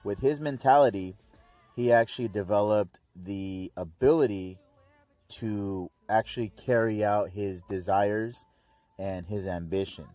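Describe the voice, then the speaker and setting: A man's voice: lowish voice, measured pace, dark tone, no room sound, faint music behind. A young man hosting a casual fan theory video, rambling with slang and restarts. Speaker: YouTube theory host.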